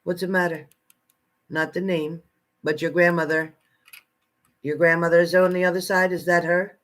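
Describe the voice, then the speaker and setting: A man's voice: a little high, level tone, moderate pace, fairly bright tone. A man giving live psychic readings to viewers from home in a chatty manner, repeating phrases and calling people by name. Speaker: psychic reader.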